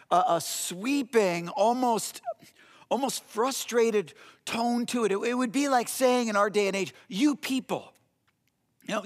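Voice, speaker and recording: A man's voice: high voice, fairly bright tone, long reverb tail. A man preaching a sermon as pastor, in a conversational way with frequent fillers and restarts.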